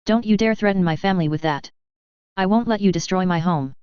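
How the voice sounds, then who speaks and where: Young boy, sharp and prickly, voiced by a woman, lowish clear voice, dry dull recording. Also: a little fast, no room sound, close to an everyday voice. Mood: furious. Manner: argumentative, lecturing, rising to shouting fury. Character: an eleven-year-old boy, clever and proud, quick to anger.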